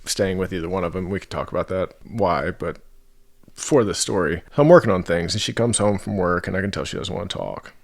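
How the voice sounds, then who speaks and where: A man in his thirties with a lowish voice talks candidly as a podcast guest. He tells his own story earnestly and with feeling. He often trips over his words and starts again. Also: a little fast, gravelly. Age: 30s. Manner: earnest, emotional, with many fillers and restarts.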